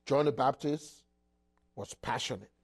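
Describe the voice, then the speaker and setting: A man preaching a sermon in an emphatic, halting way, with many repeated words and restarts. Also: mid-range voice, slightly rough.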